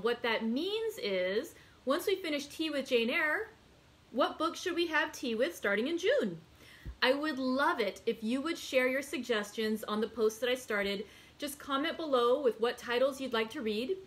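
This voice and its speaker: A woman's voice: on the high side, a bit bright. A woman hosting a library read-aloud, chatting casually and self-deprecatingly with frequent fillers before the reading.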